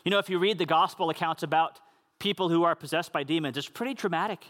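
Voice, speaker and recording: A man's voice: a little high, fast, fairly bright tone. A man preaching a sermon in an earnest, conversational way, with casual asides to the congregation. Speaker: pastor.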